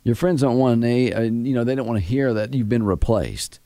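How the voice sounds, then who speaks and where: A man's voice: mid-range voice, brisk, mellow, dry recording. A man co-hosting a radio show, upbeat, reading out survey results and bringing in callers. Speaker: radio co-host. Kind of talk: morning radio banter.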